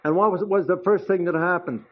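A man's voice: high-pitched, fairly even intonation, a little fast. An older man preaching in a folksy, chatty way, telling anecdotes with frequent asides to the congregation. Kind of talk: folksy storytelling sermon. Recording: dull lo-fi recording.

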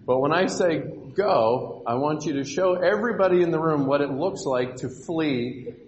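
A man's voice: fairly high pitch, moderate pace, a little mellow, lo-fi sound, a little hiss or hum. A man teaching an interactive Bible lesson to children in a church hall, upbeat and coaxing, directing the kids with questions. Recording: echoey hall with long reverb.

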